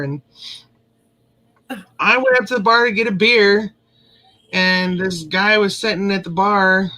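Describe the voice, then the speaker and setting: A woman's voice: medium pitch, sharp tone, rough recording. A woman rambling through a story in casual chat, laughing often as she goes, with a drink in hand.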